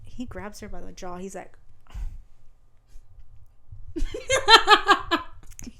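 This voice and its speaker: A woman's voice: mid-range voice, very slow, vocal fry, a little hiss or hum. A woman co-hosting a podcast, casually recapping a novel, swearing freely and acting out characters' lines. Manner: animated, swearing, acting out quotes with laughs. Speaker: podcast co-host. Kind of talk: casual book-recap chat.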